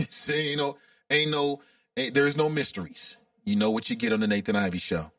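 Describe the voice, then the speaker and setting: Animated guy hosting a call-in radio show, gravelly edge, dry sound a bit off-mic. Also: on the high side, normal speed, dry recording, recorded from a distance. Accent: Cincinnati, Ohio. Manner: emotional, chatty, animated. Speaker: radio talk show host. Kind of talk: casual call-in talk show.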